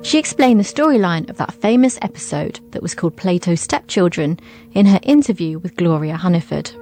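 A woman giving scripted documentary narration in a clear, measured delivery. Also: lowish voice, animated, warm tone, soft background music.

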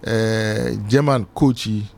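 A man hosting a relaxed sports talk radio show, often answering with short backchannel replies. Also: on the low side, takes it slowly, gravelly. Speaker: radio host.

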